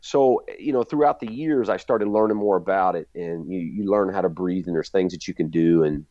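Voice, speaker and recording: A man's voice: sits low, fairly quick, dark tone, no echo. A middle-aged man, a guest martial arts instructor, telling a vivid story and acting out his own reactions. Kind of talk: animated storytelling. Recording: dull, lo-fi dry sound.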